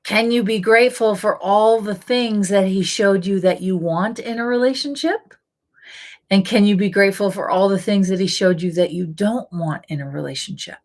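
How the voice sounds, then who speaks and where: A woman coaching an online audience in a relaxed, conversational way. She leans on rhetorical questions and coaxing prompts, her speech loose and filled with casual "like"s. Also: mid-range voice, moderate pace. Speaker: intuitive life coach. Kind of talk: live coaching session answering viewer questions.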